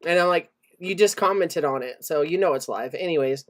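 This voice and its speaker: A man hosting a podcast in casual chat, joking, laughing often and reading out shout-outs to his chat. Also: fairly high pitch, fairly quick. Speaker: podcast host.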